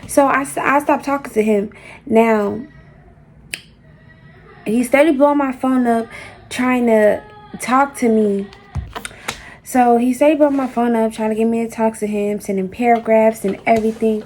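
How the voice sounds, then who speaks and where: A woman's voice: on the high side, fairly even intonation, moderate pace, a little mellow. A young woman telling a storytime in a casual, slangy, profane way, acting out the quotes as she goes. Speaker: storyteller vlogger.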